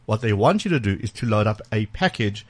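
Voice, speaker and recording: A man's voice: fairly low pitch, sing-song, a little fast. A man hosting a tech radio talk show in a studio, talking casually with plenty of fillers and restarts. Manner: chatty, loose, frequent fillers and restarts. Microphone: studio microphone.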